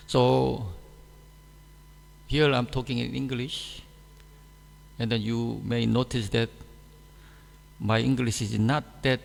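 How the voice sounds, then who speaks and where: Gravelly man teaching in an echoey hall. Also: medium pitch. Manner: simple, halting non-native English with dropped articles; animated when mimicking others. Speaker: scripture class speaker. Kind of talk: scripture class talk. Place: temple hall.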